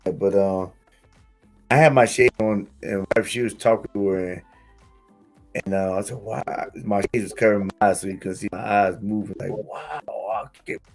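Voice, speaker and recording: Lively man telling stories in casual talk. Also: on the low side, brisk, soft background music. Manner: animated storyteller, acts out quotes, laughs at own jokes. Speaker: podcast host. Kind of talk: casual conversational commentary.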